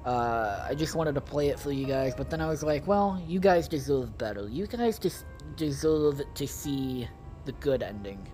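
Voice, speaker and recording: A man's voice: medium pitch, expressive, normal speed, a little mellow, faint music behind. A man doing casual let's-play commentary, profane, exasperated and rambling as he talks to his viewers. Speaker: gaming video creator.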